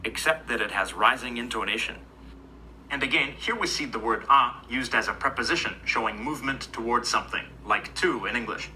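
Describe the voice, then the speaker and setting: Man, mid pitch, bright tone, calm explanatory lesson narration. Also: a little fast, a little hiss or hum, low-quality recording. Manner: even, explanatory. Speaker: language video narrator. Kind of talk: scripted educational narration.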